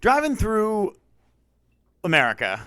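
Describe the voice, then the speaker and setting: A man's voice: high-pitched, slow pace, clean tone, no echo. A man co-hosting a podcast in a studio, chatting casually and jokingly, slipping into mock radio-announcer bits. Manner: jokey, animated, slips into goofy radio-announcer voices. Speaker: podcast co-host. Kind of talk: casual chat.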